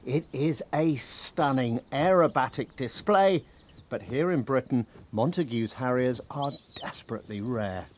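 A man's voice: medium pitch, expressive, a little slow, a little mellow, slight background noise. A man narrating a wildlife news report with vivid, enthusiastic delivery. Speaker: climate editor.

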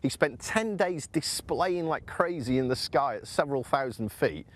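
A man's voice: mid-range voice, animated, normal speed. A man speaking enthusiastically as a bird conservationist.

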